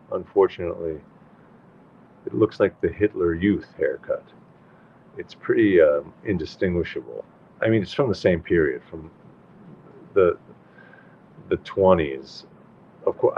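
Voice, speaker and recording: A man's voice: rumbling low, creaky, slight background noise. A tired man hosting a casual home show at night, rambling and thinking aloud as he looks things up. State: tired, yawning. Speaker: show host. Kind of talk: casual livestream chat. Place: at home at night with a dog nearby. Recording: tinny phone-like sound with faint music.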